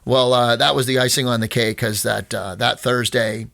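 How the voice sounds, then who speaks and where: A skatepark owner on a podcast tells a long, rambling story in casual chat, full of restarts and fillers and quoted exchanges. His medium-pitched voice is fairly even in intonation, bright and forceful with vocal fry, at a normal pace. No room sound.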